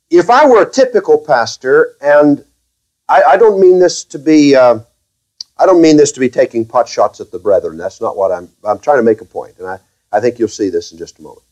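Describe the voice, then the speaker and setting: A man preaching a sermon as pastor to his own congregation, speaking carefully, with restarts and wry, gently sarcastic asides. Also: mid-range voice, expressive, normal speed, poor audio.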